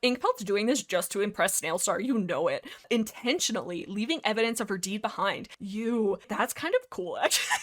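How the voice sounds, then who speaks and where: A woman's voice: medium pitch, expressive, moderate pace. A young woman narrating a cat clan game in a chatty, giggly, playful way. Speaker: let's play narrator. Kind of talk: casual gameplay commentary.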